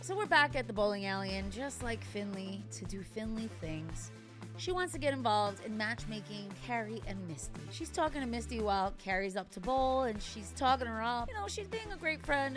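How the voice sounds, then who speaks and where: A woman's voice: fairly high pitch, animated, fairly quick, music in the background. A woman in her thirties casually recapping and reacting to a TV episode, chatty and wry, with playful asides. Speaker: TV recap vlogger.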